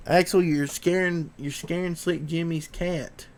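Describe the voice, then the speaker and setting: Gravelly man chatting on stream. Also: a little high, steady tone, a little slow. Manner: rambling, reads viewer comments aloud. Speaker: livestream podcast host. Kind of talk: casual livestream chat.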